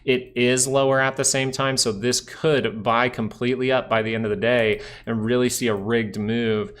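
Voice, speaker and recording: A man's voice: medium pitch, moderate pace. A young man with a nasal voice hosting a casual live stock market stream, rambling through charts and answering chat. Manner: relaxed, rambling, talks to chat viewers. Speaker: stock market livestream host.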